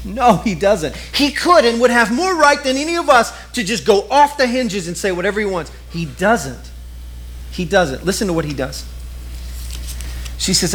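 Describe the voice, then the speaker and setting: A middle-aged man preaching a sermon in a lively, conversational way, often turning to the congregation with quick asides. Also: high voice. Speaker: pastor.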